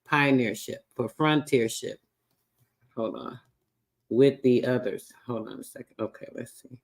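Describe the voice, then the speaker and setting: Reading old records aloud on his livestream, this man speaks in an everyday middle register. The delivery is easygoing and profane, with obvious frustration under the calm.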